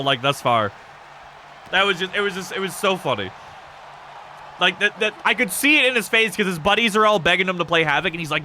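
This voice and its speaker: A man commentating a game on a livestream, excitable and quick to laugh, swearing freely and shouting when things happen. His voice is very bright and a little high, with a lively, jumpy pitch. His nose sounds stuffy, and there is a faint hiss behind him. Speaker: streamer commentating a wrestling game.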